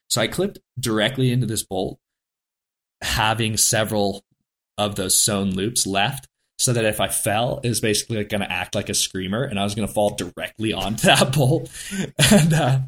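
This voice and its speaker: A man with a somewhat low voice tells a story as a guest on an interview show. His delivery is casual and rambling, full of fillers. He laughs now and then and briefly puts on voices for the people he quotes.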